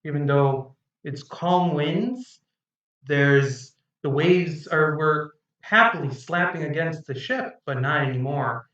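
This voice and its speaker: A man's voice: on the high side, takes it slowly, a bit bright, heavy reverb, recorded from a distance, highs cut off. A man narrating as game master of a tabletop game, rambling and hesitant with fillers.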